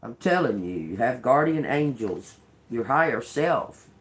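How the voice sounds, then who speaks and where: A woman's voice: a bass voice, lively intonation, unhurried. An older woman giving a live tarot reading, blunt and profane and laughing often. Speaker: tarot reader.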